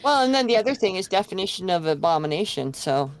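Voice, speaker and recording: An older woman, a podcast guest, chatting casually in a frank, unhurried way. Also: lowish voice, sing-song, soft background music. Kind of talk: casual chat.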